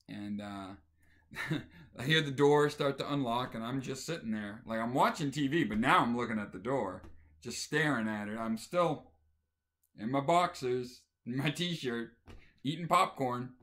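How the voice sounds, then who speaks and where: A man hosting a stitching video show, telling a story casually and chuckling along the way. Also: mid-range voice. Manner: animated, chuckles through the story.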